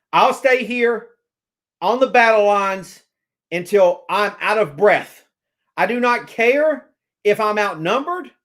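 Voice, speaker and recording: A man ranting casually to his viewers as a sports fan vlogger, excitable and rambling, stammering over restarts and swearing freely. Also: very high voice. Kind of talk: casual fan rant to camera.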